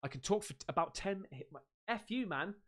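A man hosting a casual livestream, excitable and slangy, reading out chat and donations. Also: high-pitched, a little fast. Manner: excitable, slangy, swearing, laughs a lot. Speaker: livestream host. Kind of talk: casual live-stream chat.

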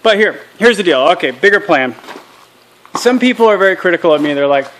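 At a small outdoor farm processing setup, a channel host vlogs casually, talking earnestly and candidly while dropping acronyms and military jargon. His high-sitting voice, a touch above typical for a man, is expressive, brisk and fairly bright.

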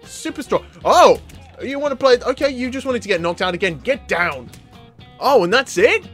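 An excitable man hosting a gaming channel and narrating his own matches. His voice sits high for a man, and it jumps into yells and laughs. Faint music plays under his commentary. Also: brisk. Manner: excitable, yelling and laughing at the game. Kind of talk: let's play commentary.

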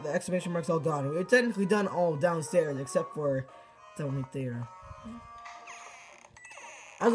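A high-pitched teenage boy talks through a game in loose, casual commentary, tripping over his words and breaking into sudden exclamations. Faint game music plays softly behind him. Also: poor audio. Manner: excitable, rambling, frequent restarts and exclamations. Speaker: gameplay commentator.

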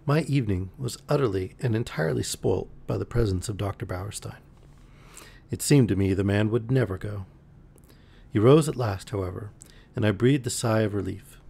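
A man with a low, gravelly, somewhat husky voice reads a novel aloud for a live stream. He keeps an easy, relaxed pace and now and then trips over a word and restarts. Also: normal speed. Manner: relaxed, with occasional slips and restarts. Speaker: audiobook reader on a live stream. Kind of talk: reading a novel aloud, voicing characters lightly.

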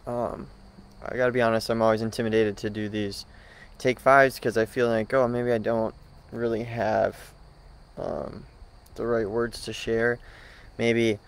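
A man giving a short morning church devotional, hesitant with many pauses and restarts, then reading scripture aloud. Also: medium pitch, flat delivery, gravelly, poor audio.

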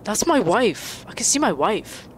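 A young woman giving casual, excitable commentary while playing a video game, laughing and shrieking often. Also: mid-range voice, measured pace. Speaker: gaming streamer.

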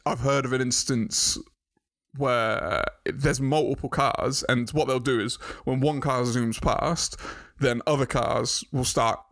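A man's voice: mid-range voice, fairly even intonation, slow pace, vocal fry, fairly bright tone. A man co-hosting a podcast, explaining at length in a loose, rambling way during a casual chat. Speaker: podcast co-host.

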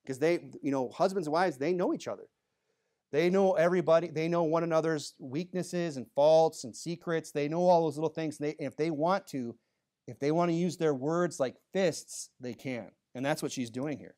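A man with a fairly high speaking voice preaches a sermon in a church. He talks in a loose, conversational way, full of asides, and jumps from loud, emphatic bursts down to low, quiet remarks. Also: normal speed. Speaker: pastor.

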